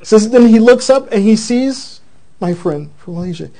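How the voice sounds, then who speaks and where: Male preacher, high and warm-toned, animated storyteller mid-sermon. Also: moderate pace. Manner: animated storyteller, acts out the quoted voices.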